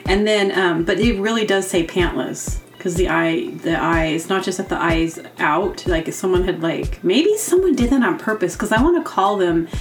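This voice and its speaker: Giggly rambling woman with low voice. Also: moderate pace, hardly any pauses, soft background music. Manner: meandering, giggly, acts out silly quotes. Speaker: podcast host. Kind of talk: rambling comedic monologue.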